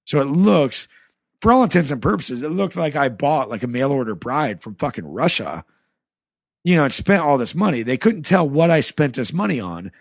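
There's a gravelly quality to this podcast guest's mid-range voice as he tells, at a moderate pace, a profane, animated story from his life in the American Rust Belt, acting out the dialogue. The recording is studio quality with no echo.

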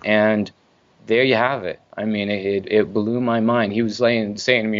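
A man with a fairly low voice tells stories as a podcast guest, animated and emphatic, swearing casually. The recording is dull and lo-fi. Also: normal speed. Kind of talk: casual storytelling interview. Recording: dull lo-fi audio.

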